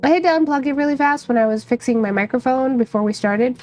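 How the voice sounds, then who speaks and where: A woman's voice: high voice, fast, faint music behind. A young woman streaming a visual novel, chatting casually and reading the narration aloud with frequent laughs. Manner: chatty, laughs often, reads narration softly.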